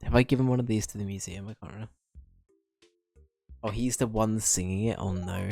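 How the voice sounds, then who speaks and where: A young man with a fairly low voice, talking casually on a game stream. He rambles, pokes fun at himself and restarts sentences as he answers chat. Quiet game music plays behind him. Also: fairly even intonation, brisk, gravelly, pauses often. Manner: rambling, self-mocking, trailing restarts. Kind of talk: casual chat while playing and reading chat.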